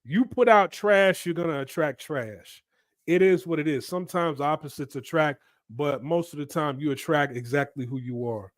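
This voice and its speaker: A man holds forth on his commentary channel in an emphatic, lecturing way, pausing to ask his listeners "right?". His voice sits a little high for a man. The sound is dry and close. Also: no echo. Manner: emphatic and preachy, keeps asking "right?". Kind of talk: opinion commentary monologue.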